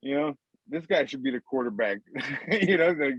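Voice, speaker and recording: A man's voice: mid-range voice, lively intonation, moderate pace, breathy edge, no room sound, lo-fi sound. A man co-hosting a podcast in casual, profane chat, rambling and saying "dude" all the time. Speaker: podcast co-host.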